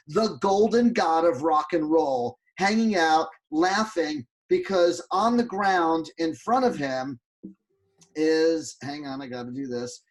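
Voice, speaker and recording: A man, a guest photographer, telling a rambling story with fillers and restarts on a video call. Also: fairly high pitch. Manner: animated, lots of restarts and fillers.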